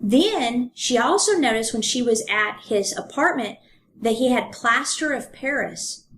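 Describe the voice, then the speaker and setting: A woman's voice: a little high, expressive, measured pace, fairly bright tone, a little hiss or hum. A woman co-hosting a podcast, casually retelling a true-crime story and reading passages aloud with ums and fillers. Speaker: podcast co-host.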